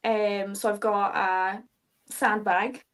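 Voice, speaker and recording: A woman's voice: medium pitch, flat delivery, slow. A young Irish woman, a fighter guest in an interview, talking casually, swearing freely and laughing often. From Ireland.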